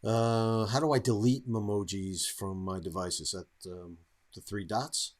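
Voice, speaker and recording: A man's voice: fairly low pitch, steady tone, measured pace. A man hosting a live webinar and reading out viewer questions, with a hesitant delivery full of fillers. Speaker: webinar host. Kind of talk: moderating live Q&A.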